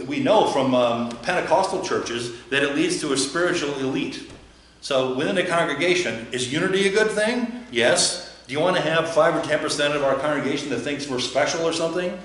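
With a fairly high, somewhat bright voice at a moderate pace, a pastor jokes and chats his way through a conversational sermon. He frequently asks the congregation questions, and the church recording carries heavy echo.

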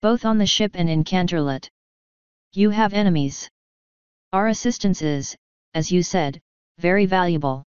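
A woman reading the part of a formal, composed royal lady, speaking in a measured, courteous way. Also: fairly low pitch, darkish tone, clear, resonant tone, no room sound, highs cut off, natural voice. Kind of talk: audiobook reading of fan fiction.

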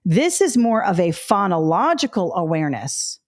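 A woman's voice: on the low side, very animated, moderate pace. A middle-aged woman leads a test-prep webinar in an explanatory, step-by-step way. She talks right to her viewers and catches her own slips. Her throat sounds a little dry. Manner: explanatory, self-correcting, addresses viewers directly. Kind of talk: webinar lesson.

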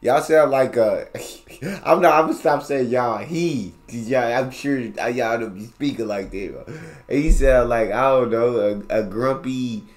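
A man's voice: medium pitch, measured pace. Male reaction host, from the US, playful slangy delivery, mid-range voice. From United States. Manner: slangy, playful, teasing, mimics words back. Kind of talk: casual reaction commentary.

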